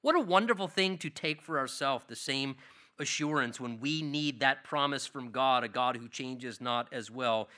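Bright-voiced man preaching earnestly. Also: mid-range voice, moderate pace. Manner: earnest, repeats key phrases for emphasis. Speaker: pastor. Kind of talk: expository Bible sermon.

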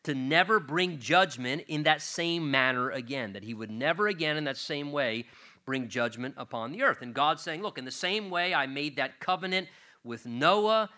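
A man's voice: on the high side, expressive, normal speed, bright, forceful tone. An older man, a grandfather, preaching an earnest sermon, swelling and dropping in volume to stress key words.

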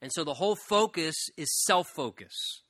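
A man's voice: fairly high pitch, lively intonation, normal speed, sharp tone, dry recording, clean studio sound. A pastor preaching an earnest sermon, his delivery building to fervent emphasis.

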